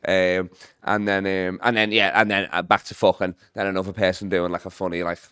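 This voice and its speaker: A man's voice: low voice, little pitch movement, fairly quick, fairly bright tone, clear, resonant tone, no echo, studio quality. A man, a podcast guest telling crude rambling stories in casual chat, swearing constantly. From Britain. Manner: crude rambling storyteller, swears a lot, laughs often.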